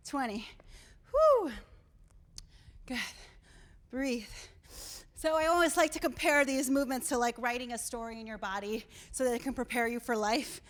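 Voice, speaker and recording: A woman leading a workout as she exercises along with it. She is out of breath, pushing her listeners on and counting down each set. Her voice sits high. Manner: energetic, encouraging, counting down. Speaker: fitness instructor. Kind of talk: live workout coaching.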